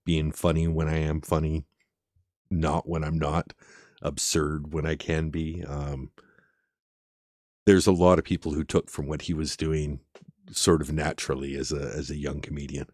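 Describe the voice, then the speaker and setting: A man's voice: very deep voice, moderate pace, dry recording, clean studio sound. A man hosting a stream, chatting casually into a microphone and reacting to clips in a rambling way. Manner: relaxed, rambling, with frequent ums and chuckles. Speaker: streamer host. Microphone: desk microphone.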